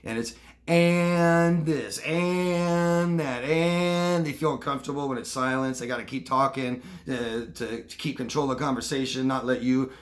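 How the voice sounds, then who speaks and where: A man gives a coaching lesson straight to camera. He talks casually, in an everyday voice, and keeps breaking into quick acted-out examples to make his points. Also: medium pitch. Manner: conversational, acts out short demonstrations of lying and truth-telling. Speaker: relationship coach. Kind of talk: instructional talk to camera.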